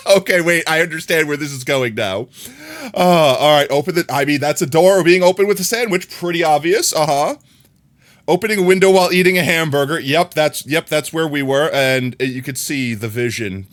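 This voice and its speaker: A man chatting casually with his viewers on a live stream, playful and teasing, laughing often and breaking into high squeals. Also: normal speed, fairly bright tone.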